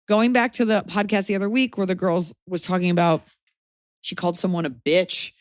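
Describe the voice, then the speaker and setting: A woman hosts a casual advice podcast, wry and opinionated as she talks things through. Her voice sits a little low, and the sound is close and dry with no room around it. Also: fairly even intonation, no echo. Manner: wry and opinionated, slips into quick mock voices. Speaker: podcast host.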